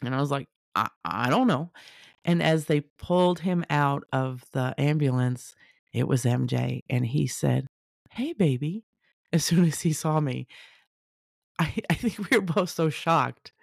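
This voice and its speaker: Gravelly woman telling a story. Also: deep voice, unhurried, dry recording, studio quality. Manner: animated, acts out the voices of people she quotes. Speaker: storyteller sharing a personal testimony. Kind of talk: casual personal storytelling.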